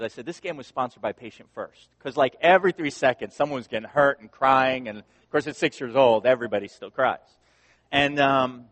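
A man in his thirties, a pastor giving a conversational sermon and telling a story with laughter and asides. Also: fairly high pitch. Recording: long hall reverb.

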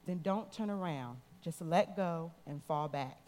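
A woman reading the lines of a calm, loving father who reassures his daughter, in soft gentle tones in a reverberant hall. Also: measured pace. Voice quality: deep, calm. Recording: long reverb in a large hall.

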